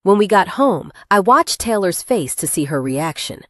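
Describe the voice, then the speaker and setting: A woman reading a first-person thriller aloud as an audiobook narrator, with expressive, shifting intonation. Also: fairly low pitch, moderate pace, no echo, clean studio sound.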